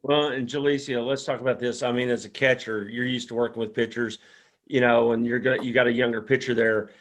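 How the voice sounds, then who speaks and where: A man's voice: mid-range voice, steady tone, a little fast, a bit bright. Folksy man hosting sports talk. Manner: folksy, chatty questions with many fillers. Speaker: sports show host. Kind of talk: casual sports interview.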